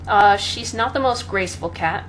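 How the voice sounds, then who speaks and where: A young woman chatting casually about her pets, rambling with many pauses and fillers and often breaking into laughter. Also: mid-range voice, a little hiss or hum. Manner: rambling, full of ums and laughs, talks to her cat. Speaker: pet owner vlogger. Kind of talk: casual chat.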